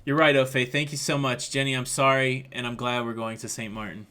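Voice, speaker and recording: A man's voice: medium pitch, flat delivery, brisk, bright, forceful tone, clean tone. A man co-hosting a casual live stream, joking with his wife and reading out viewer comments, with a slight chest cough. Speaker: livestream co-host.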